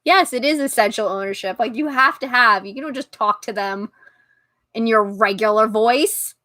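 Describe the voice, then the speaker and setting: A woman hosting a casual live-stream chat, talking loudly and laughing often. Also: a little high, normal speed, no room sound. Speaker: podcast host.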